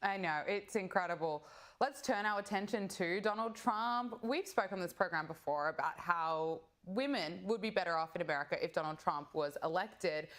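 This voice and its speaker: A woman's voice: fairly low pitch, moderate pace, a bit bright. A woman hosting a commentary show, reading scripted lead-ins and handing off to clips with a sardonic edge. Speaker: show host.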